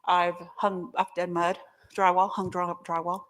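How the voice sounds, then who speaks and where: A woman's voice: on the low side, little pitch movement, a little slow. Candid woman giving testimony. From Oklahoma. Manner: candid, emotional and joking, addresses the crowd directly. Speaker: guest speaker at a recovery meeting. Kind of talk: personal testimony talk.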